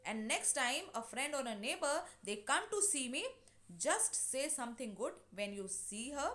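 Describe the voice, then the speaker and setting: A woman's voice: high voice, lively intonation, moderate pace. A woman reading the lines of a stern, scolding housewife from a play. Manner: sharp, scolding.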